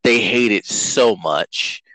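A man's voice: on the low side, takes it slowly, fairly bright tone, dry recording, low-quality recording. A man co-hosting a casual podcast chat, talking bluntly and opinionated, swearing when worked up. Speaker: podcast co-host.

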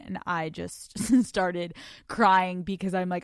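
A woman's voice: on the low side, moderate pace, fairly bright tone, clean tone, dry recording, studio quality. A woman in her twenties hosting a podcast, telling a story in a casual, profane, laughing way and acting out the quotes. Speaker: podcast host.

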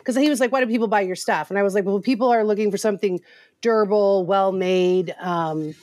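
A woman who runs a small business tells about an event in a brisk, matter-of-fact way. The recording is dry and close, with no room sound. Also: medium pitch, darkish tone, dry recording. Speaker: guest, small business owner. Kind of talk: casual chat.

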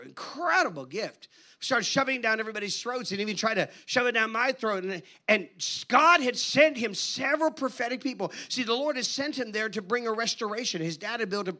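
A man preaching a sermon in an animated, conversational storytelling manner. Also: sits high. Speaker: guest preacher.

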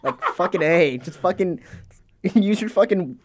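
A man's voice: high-pitched, lively intonation, measured pace, background noise. A man co-hosting a casual podcast, joking and swearing as he chimes in with his own work stories. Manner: profane, joking, chiming in. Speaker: podcast co-host. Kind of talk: casual chat.

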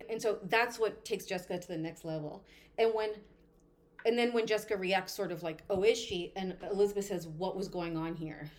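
A woman co-hosting a book discussion podcast, talking casually with frequent "like"s and reading passages aloud. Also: medium pitch. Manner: animated, uses "like" often, reads passages aloud. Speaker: podcast co-host.

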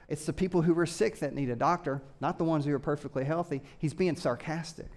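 High-voiced man preaching conversationally. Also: brisk, few pauses. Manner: animated, conversational preaching with rhetorical questions. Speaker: pastor. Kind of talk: sermon. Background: live congregation.

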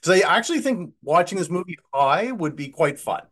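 A man's voice: high-pitched, brisk. A man co-hosting a movie podcast, talking in a slightly raised voice. He riffs loosely and swears freely, getting more and more worked up as he mocks the film. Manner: profane, animated, laughing at the film. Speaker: podcast co-host. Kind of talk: casual movie review chat.

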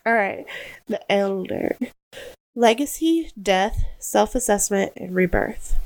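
A tired, yawning woman in a casual chat, reading quotes aloud in an easygoing, deliberate way. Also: medium pitch, animated, rough recording.

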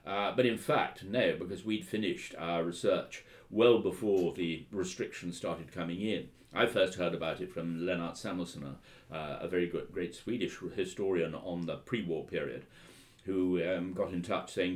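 A man with a very low voice tells stories about his work in a relaxed interview. He hesitates often, circles back with ums and restarts, and keeps a wry tone. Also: normal speed. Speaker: historian and author. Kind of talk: anecdotal interview storytelling.

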